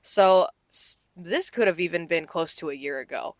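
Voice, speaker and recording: A woman's voice: on the low side, expressive, normal speed, no echo. A young woman co-hosting a podcast, telling a work story in casual chat full of fillers and acted-out quotes. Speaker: podcast co-host, restaurant server.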